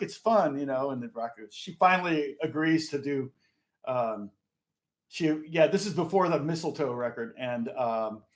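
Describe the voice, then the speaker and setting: A middle-aged man, a session guitarist, chatting casually and rambling through stories with lots of fillers and restarts. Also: medium pitch. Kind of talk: casual chat.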